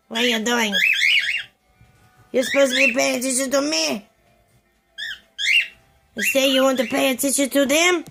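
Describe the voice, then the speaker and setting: A woman's voice: high voice, fairly even intonation, normal speed, vocal fry, pauses often, loud music behind the voice. A woman talking to her pet birds at home. She switches between coaxing baby talk and scolding. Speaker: pet owner vlogger. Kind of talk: casual home video. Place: at home with ceiling fan running. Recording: loud fan noise at home.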